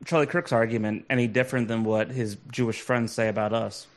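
A man's voice: on the low side, fairly even intonation, fairly quick. A man co-hosting a casual talk show, speaking in a musing, argumentative, hesitant way. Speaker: co-host. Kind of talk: casual discussion.

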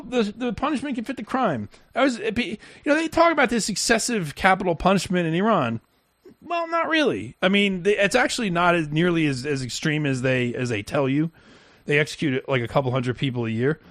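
A man's voice: high voice, fairly bright tone, no echo, studio quality. A man hosting a heated political chat, rambling and mocking with many restarts.

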